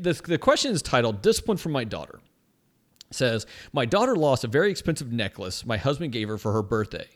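A young man talking casually on a podcast, his pitch swinging widely as he rambles. He keeps restarting sentences and checking in with "right?". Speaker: podcast co-host. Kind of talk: casual chat.

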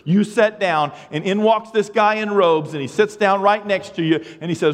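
Animated pastor preaching in a reverberant church. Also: male voice, high-pitched, a little fast, few pauses. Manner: animated, acts out dialogue, self-deprecating asides. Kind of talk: sermon. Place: church sanctuary.

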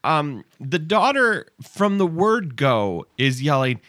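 High-pitched lively man, dry sound. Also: takes it slowly, no echo. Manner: jokey, acts out scenes with exaggerated voices. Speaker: podcast co-host. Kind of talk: casual chat reviewing a TV episode.

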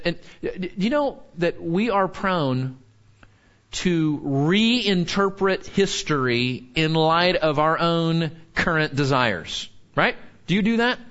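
A man preaching a sermon in an animated way, asking the listeners questions and acting out quotes. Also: high voice. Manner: animated, full of rhetorical questions, acts out quotes. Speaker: pastor. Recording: dull lo-fi sound.

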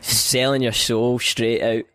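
A man co-hosts a casual podcast, thinking aloud and swearing now and then. His voice is mid-pitched and sounds dry and close. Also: flat delivery, slow pace, bright, forceful tone, no room sound. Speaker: podcast co-host. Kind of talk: casual live-stream chat.

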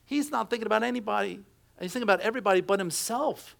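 Middle-aged pastor preaching conversationally. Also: male voice, sits high, fast, vocal fry, fairly bright tone. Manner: conversational storytelling, acting out quotes. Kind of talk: sermon.

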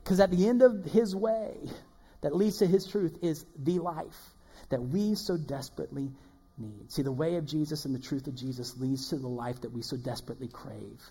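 A man preaching a sermon as pastor, swinging between loud emphatic lines and hushed ones. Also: on the high side, moderate pace, slightly rough. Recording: long hall reverb.

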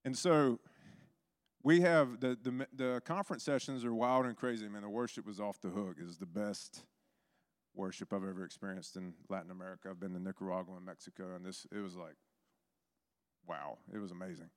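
A man who pastors a church, telling stories in a sermon, lively and acting out the people in them. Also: fairly quick. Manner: animated, acts out others with big pitch jumps. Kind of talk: sermon storytelling.

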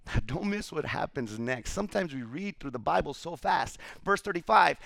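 A male pastor preaching a sermon, retelling scripture with animated storytelling. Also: a little high, moderate pace, vocal fry, no echo.

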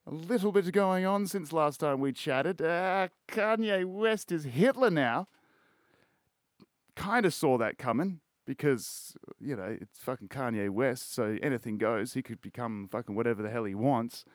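A man's voice: mid-range voice, normal speed, few pauses, no room sound, clean studio sound. A man with an Australian accent hosting a podcast in casual chat, rambling, laid-back and swearing constantly. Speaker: podcast host.

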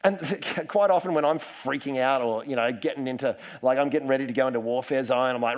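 A man's voice: mid-range voice, quick pace. A man preaching a casual, self-deprecating sermon full of asides. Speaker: pastor.

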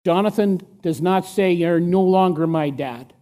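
A man preaching a sermon, emphatic and asking the listeners rhetorical questions, sometimes dropping to a hush for stress. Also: high voice, unhurried.

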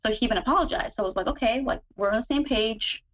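A woman's voice: very fast, a little hiss or hum. Chatty woman telling a long personal story. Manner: chatty, many fillers, relives moments with sudden higher pitch. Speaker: guest describing her relationship. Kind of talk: casual storytelling. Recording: slightly dull lo-fi audio.

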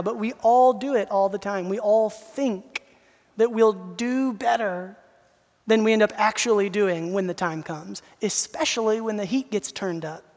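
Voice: mid-range voice, darkish tone, long reverb tail. A pastor preaching an expository sermon, earnest and emphatic, speaking directly to the listeners.

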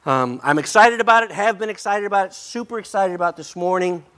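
Older man, high-voiced preacher, folksy and jokey, a bit hoarse from a cold. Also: brisk. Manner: folksy, joking, energetic. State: voice breaking, slightly hoarse. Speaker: pastor. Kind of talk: sermon.

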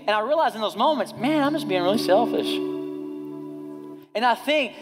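A man with a notably high voice gives a casual, direct sermon in a church. He talks to the congregation like friends and keeps asking whether they follow him. Music plays clearly underneath. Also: animated, moderate pace. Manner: casual, direct, often asks "you know what I mean?". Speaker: pastor. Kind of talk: conversational sermon.

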